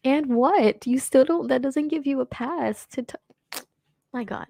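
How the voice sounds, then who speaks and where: A young woman with a fairly high but mellow voice, talking through a video in a sarcastic, rambling way. The sound is dry and close, with no room around it. She laughs often between remarks. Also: unhurried, vocal fry, no echo. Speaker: commentary host. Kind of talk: casual reaction commentary.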